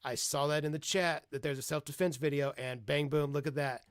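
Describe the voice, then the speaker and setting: A man's voice: fairly high pitch, fairly even intonation, fairly quick, no room sound, clean studio sound. A man streaming live, reacting to a video and mocking the people in it with gleeful, profane jabs.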